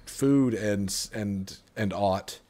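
A man's voice: lowish voice, slow pace, darkish tone. A man streaming a video game, chatting casually with a co-host and joking as he reads game text aloud. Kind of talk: casual gaming chat.

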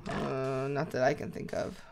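A woman chatting casually while playing a video game with a friend, animated and prone to shrieks when startled. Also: a bass voice, unhurried, gravelly. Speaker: co-host of a gaming let's play. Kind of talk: casual gameplay chat.

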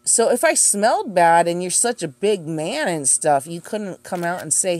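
A woman's voice: lowish voice, expressive, moderate pace, few pauses, darkish tone. A young woman ranting about accusations made against her, profane, defensive and sarcastic, with scoffing laughs. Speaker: streamer responding to accusations. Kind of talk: casual ranting monologue.

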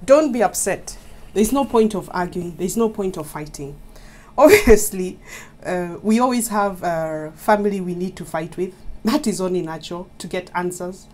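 A Kenyan woman with a fairly low, slightly mellow voice speaks at a normal pace in her YouTube vlog. Chatty and quick to laugh, she keeps talking directly to her viewers, using a mic positioned in front of her.

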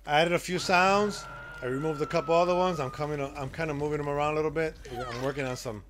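A man live-streaming a game, chatting casually with his viewers and reacting loudly to the action. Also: fairly high pitch, fast, noisy background.

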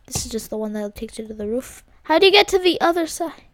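A young woman commenting casually as she plays horror games at a computer, jumpy and quick to shriek and scream at scares. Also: high-pitched, animated, fairly bright tone, no room sound. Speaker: gaming video host.

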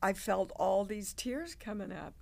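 A woman, a guest on an interview show, telling stories in an animated way and acting out the people in them. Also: mid-range voice, unhurried, creaky. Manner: animated, acts out quoted people. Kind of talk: casual interview storytelling.

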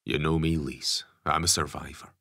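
A man's voice: rumbling low, normal speed, gravelly, heavily acted. A man playing a stubborn, resigned dad. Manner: calm, plain-spoken. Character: stubborn ex-convict father, gruff and resigned.

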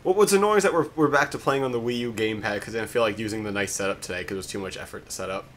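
A man's voice: fairly low pitch, racing, fairly bright tone, slight background noise. A man hosting a let's play, giving casual gameplay commentary with a wry, sarcastic, swearing manner.

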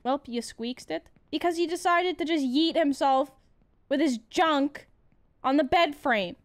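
Young woman, gaming streamer, casual commentary, laughs a lot, fairly high voice, faint music behind. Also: unhurried. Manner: laughs often, yells at the game.

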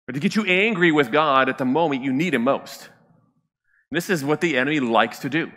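A male pastor delivering a sermon, his bright, forceful voice carrying through a church sanctuary with a long reverb. He talks in a loose, conversational way, often turning to the congregation with a quick question. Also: fairly high pitch.

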